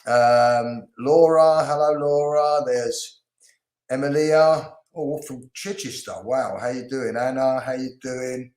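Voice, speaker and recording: A man's voice: mid-range voice, takes it slowly, a little mellow, roomy sound. A British man hosting a live online hair class, greeting viewers in an upbeat, chatty way with lots of ums, on a video call. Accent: British English. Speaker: host.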